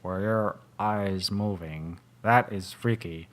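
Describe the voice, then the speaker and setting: A man's voice: lowish voice, slow pace. A man commentating a video game playthrough, making mocking jokes in a theatrical way. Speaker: gaming channel host. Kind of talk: let's play commentary.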